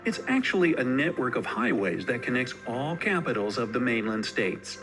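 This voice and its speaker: A man's voice: medium pitch, big pitch swings, moderate pace. Guy reading a fun facts list, bouncy tone, music under it. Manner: light jokey asides. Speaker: narrator of reacted video. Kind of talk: scripted list narration. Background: background music.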